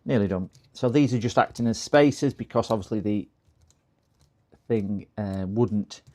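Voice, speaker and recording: A man's voice: lowish voice, measured pace, darkish tone. A man doing a laptop repair on a live stream, talking to his viewers in a chatty, joking and self-deprecating way as he works. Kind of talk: livestream repair commentary.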